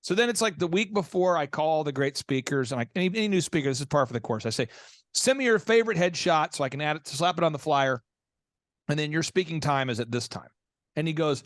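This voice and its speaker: A man's voice: fairly high pitch, no echo, studio quality. A man hosting a business podcast, telling stories with energy and acting out the people he quotes. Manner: acts out quoted voices, fast and energetic. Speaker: podcast host. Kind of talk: animated storytelling.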